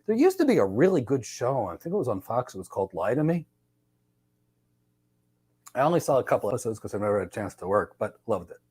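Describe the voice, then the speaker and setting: A man hosting a podcast, giving casual career advice and telling lively stories that he acts out in dialogue. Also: mid-range voice, fast talker, pauses often, slightly rough. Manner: energetic storyteller who acts out dialogue. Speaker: podcast host.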